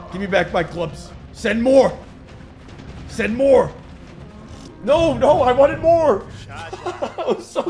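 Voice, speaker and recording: A man with a high, bouncy voice reacts out loud as he plays, joking and yelping whenever things go wrong. He talks at an unhurried pace between bursts of panic, and loud game music plays behind him. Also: gravelly. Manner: excitable, jokey, yelps and shouts when panicked. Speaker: gaming YouTuber. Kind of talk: gameplay commentary.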